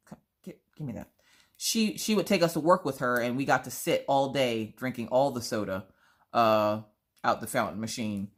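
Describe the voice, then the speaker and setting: A woman vlogger telling animated, theatrical stories in casual chat while she crafts. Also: a bass voice.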